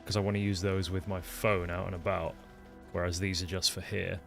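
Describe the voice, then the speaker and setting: This is a low-voiced man from England, his accent mixed but mainly Lincolnshire, casually chatting during a game livestream on a desktop mic. He talks briskly in a level tone with vocal fry and a slightly bright sound, rambling self-deprecatingly with many ums and restarts over soft background music.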